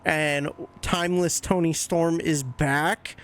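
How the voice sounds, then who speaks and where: A young man casually recapping wrestling shows as a podcast host, excitable and swearing freely, jumping into quick voices when he quotes people. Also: a little high.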